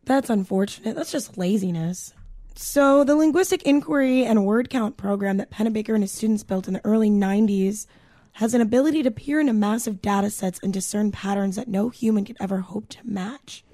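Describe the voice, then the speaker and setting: A woman co-hosting a casual podcast rambles through a story and swears freely. Her voice is mellow and dark. The sound is dry and close. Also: mid-range voice, brisk, dry recording. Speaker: podcast co-host. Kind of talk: casual chat.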